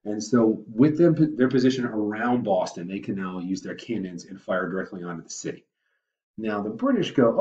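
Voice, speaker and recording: A man's voice: fairly low pitch, moderate pace, mellow, recorded from a distance. A man teaching a casual history review lesson, chatty and often correcting himself as he explains. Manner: chatty, self-correcting, uses asides and filler. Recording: muffled roomy audio from afar.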